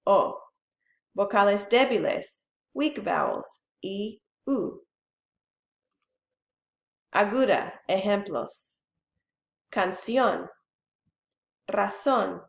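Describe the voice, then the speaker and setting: A woman teacher gives a slow, clear bilingual lesson, saying each Spanish phrase first and then the English. Her voice sits at a middle pitch and carries a roomy echo.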